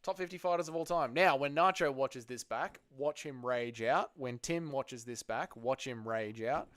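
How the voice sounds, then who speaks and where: A man's voice: medium pitch, normal speed, a bit bright, no room sound, clean studio sound. A man hosting a casual livestream, chatting loosely with his viewers and swearing freely. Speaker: livestream host.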